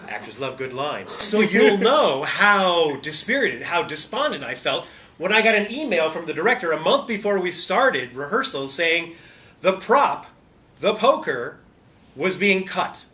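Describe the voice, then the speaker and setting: Actor guy telling a funny story, kinda high voice, super animated and playful. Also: measured pace. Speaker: stage actor. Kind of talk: humorous storytelling talk.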